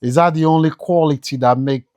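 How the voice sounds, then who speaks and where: A man's voice: fairly high pitch, brisk, a little mellow. A man hosting an interview, asking inquisitive questions and laughing easily.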